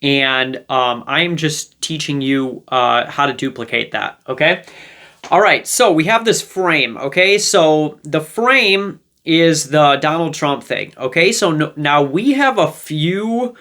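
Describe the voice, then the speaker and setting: A man's voice: a little high, lively intonation, takes it slowly, bright, forceful tone. A man hosting a relationship advice video, explaining casually and checking in with 'okay?' after his points. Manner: conversational, with many fillers and restarts. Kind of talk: casual teaching monologue.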